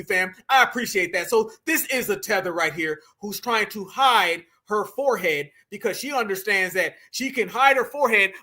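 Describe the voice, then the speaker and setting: A commentary streamer whose voice is very high, sharp, and bright, well above most men's pitch. He's loud and taunting, mocking the clips he reacts to in slangy, scornful language.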